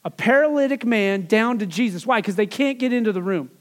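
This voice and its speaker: A man's voice: high-pitched, animated, brisk. A man preaching a sermon as pastor, in a conversational way, with asides and repeated phrases.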